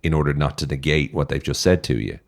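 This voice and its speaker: Podcast guest: Irish man, very low voice, blunt and profane, direct. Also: fast talker, gravelly. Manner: blunt, swears freely, direct advice. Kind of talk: casual interview talk.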